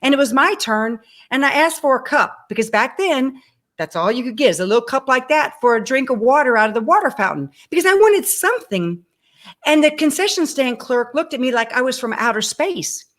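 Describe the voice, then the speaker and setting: A woman in her sixties tells her own life story as a guest on an interview show. Her voice sits a little high, and she keeps acting out the dialogue. She turns to speak straight to her listeners. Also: brisk. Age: 60s. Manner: animated, acts out dialogue in her stories; addresses the audience directly. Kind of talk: personal storytelling.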